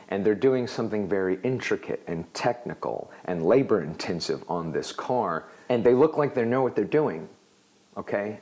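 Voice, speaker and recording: A man teaching an English phrase in a video lesson, his pitch swinging up and down as he talks. He explains things lively and jumps into acted-out example lines. His voice sits in a middle register. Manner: animated, acts out example dialogues.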